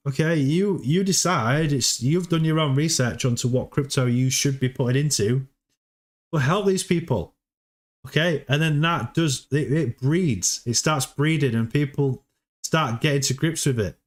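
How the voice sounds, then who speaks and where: A man's voice: on the high side, normal speed. A man hosting a casual livestream, chatty, often repeating words and laughing as he talks. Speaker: livestream host.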